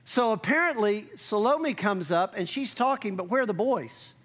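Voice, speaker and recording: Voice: mid-range voice, lively intonation, moderate pace, a bit bright. A pastor preaching a sermon in a conversational, emphatic way, acting out quoted lines.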